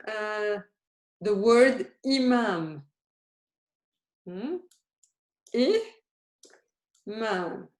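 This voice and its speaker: Teaching Arabic to beginners in a live class, this woman talks slowly and carefully at a medium pitch. She patiently asks questions and keeps confirming her students follow, while the room echoes around her.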